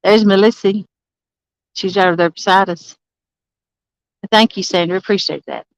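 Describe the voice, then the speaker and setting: A woman livestreams casually from an outdoor campsite as an angler, greeting viewers by name and laughing often. Her mid-range voice has a steady tone and moderate pace, and the rough recording has no room sound.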